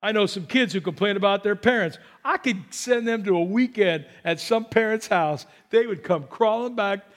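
A male pastor preaching a sermon, animated, moving between loud high emphasis and quiet low asides. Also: normal speed, few pauses.

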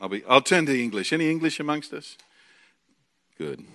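A man with an Australian accent preaching a sermon, excitable and jokey, swinging from loud bursts to quiet asides. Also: fairly high pitch, normal speed, very noisy. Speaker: preacher and Bible college teacher.

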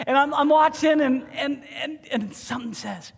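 A man preaching a sermon as pastor, telling a personal story in an emotional, animated way. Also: extremely high pitch, normal speed, vocal fry, long reverb tail. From Ohio. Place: church.

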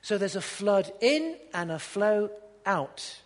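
A man preaching a sermon, swinging between loud ringing peaks and hushed low passages. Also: sing-song, slow pace, long reverb tail. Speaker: pastor. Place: church.

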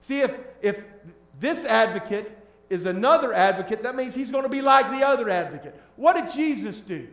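Male pastor, sermon, hushed to emphatic, echoey room. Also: very high voice, expressive, a little fast, few pauses. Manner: swings from hushed and tender to loud and emphatic.

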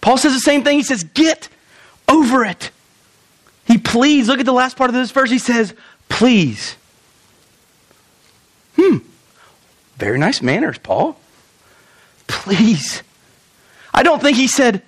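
A man's voice: extremely high pitch, measured pace, long pauses. A man preaching a sermon as pastor, joking with the congregation and acting out pleading quotes. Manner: animated, jokey, acts out pleading quotes.

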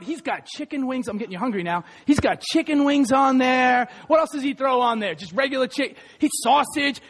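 A man preaching a lively sermon, reading scripture aloud, joking with the congregation and shouting for emphasis. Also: extremely high pitch, big-room sound. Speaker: pastor. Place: church sanctuary.

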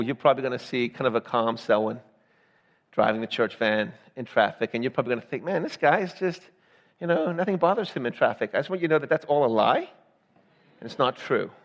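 A pastor from the Southern United States preaching a sermon, talking conversationally and often checking with the congregation with "right?". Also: male voice, mid-range voice, long reverb tail, lo-fi sound.

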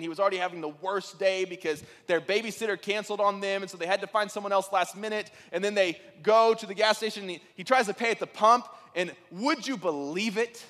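A man preaching a sermon, telling stories in an animated way that rises to excited peaks. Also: high voice, in a large hall. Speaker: pastor.

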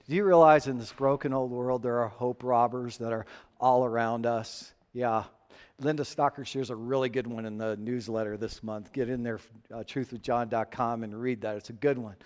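A man preaching a sermon, telling a personal story with animated rises and drops and frequent restarts. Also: mid-range voice, in a large hall. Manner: animated storytelling, rising and falling, repeated restarts. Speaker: pastor.

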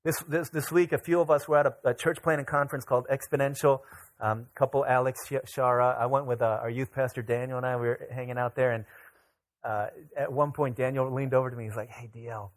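A man's voice: medium pitch, brisk. A middle-aged man, a pastor, preaching a casual sermon full of personal stories, acting out the voices of the people in them. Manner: animated, acts out voices of people in his stories. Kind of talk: storytelling sermon.

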